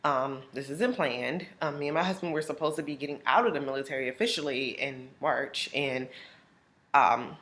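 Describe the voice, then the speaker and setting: A young woman vlogging, casually telling a personal story and acting out other people's lines with big jumps in her voice. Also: brisk. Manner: animated, acts out friends' lines with big pitch jumps.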